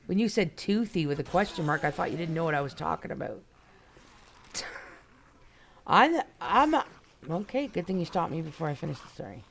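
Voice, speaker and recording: During her live-stream gameplay, a woman keeps up casual, rambling chat and greets viewers by name. She has a low, gravelly voice, with a little hiss or hum in the recording.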